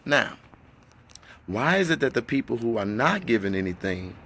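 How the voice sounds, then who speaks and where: A man talking to his followers in an impassioned livestream, firing off rhetorical questions and at times lowering his voice, in an echoey indoor space. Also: very animated, moderate pace, slight background noise. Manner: fiery, rhetorical questions, then hushed. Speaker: activist addressing followers.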